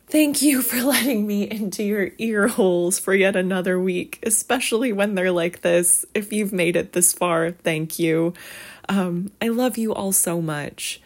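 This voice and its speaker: A woman's voice: on the low side, gravelly. A woman hosting a solo podcast, rambling and self-deprecating, with lots of fillers. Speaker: podcast host. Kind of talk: casual solo podcast chat.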